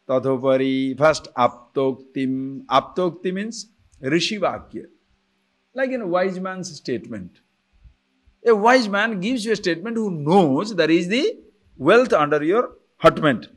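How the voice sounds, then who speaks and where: Male spiritual teacher, storytelling lecture style, somewhat high voice. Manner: storytelling, full of rhetorical questions. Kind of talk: Vedanta scripture lecture.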